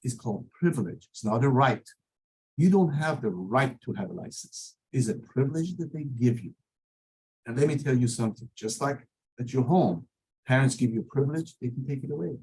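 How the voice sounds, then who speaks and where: A man's voice: medium pitch, animated, brisk, darkish tone, breathy edge, poor audio. A middle-aged man who is a lawyer gives an earnest warning talk to teenagers in non-native English phrasing.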